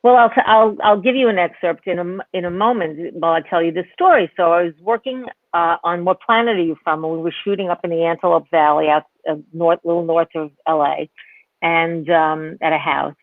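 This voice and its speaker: A woman's voice: fairly low pitch, brisk, no echo. A woman comedian telling stories in a casual, rambling way over a video call. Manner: rambling, with restarts and reflective asides. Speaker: guest comedian. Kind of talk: casual storytelling chat. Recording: tinny phone-like line, dry.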